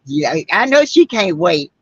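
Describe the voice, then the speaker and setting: Slow, chatty Southern woman hosting a livestream. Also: fairly low pitch, big pitch swings, a bit bright, husky, no room sound, dull audio. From South Carolina. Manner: chatty, greets viewers by name, Southern casual speech. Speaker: livestream host. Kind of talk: casual livestream chat reading viewer comments.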